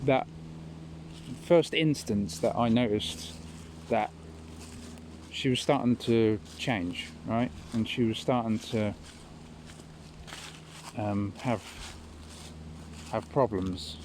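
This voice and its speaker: A man's voice: lowish voice, takes it slowly, long pauses, a little mellow, slight background noise. A young man tells a personal story in a casual, rambling way with many fillers. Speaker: vlogger.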